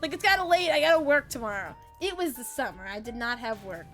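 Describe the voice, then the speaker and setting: A young woman streamer with a high voice, telling stories to her viewers in an animated, blunt way and swearing freely. Faint music plays softly behind her. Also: quick pace. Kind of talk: casual storytelling chat.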